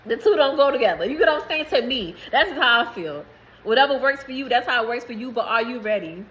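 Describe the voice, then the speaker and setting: A woman's voice: fairly high pitch, expressive, fast talker, pushed and bright, slight background noise, low-quality recording. A woman in giving a rambling, emphatic spiritual message to viewers, swearing freely. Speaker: spiritual reader.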